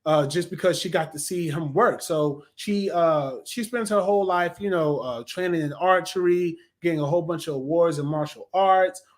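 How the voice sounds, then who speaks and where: A man's voice: fairly high pitch, moderate pace, few pauses. A man co-hosting a podcast, chatting casually in a review, rambling with many fillers and self-corrections, and speaking to listeners in a laid-back way. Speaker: podcast co-host reviewing a TV series.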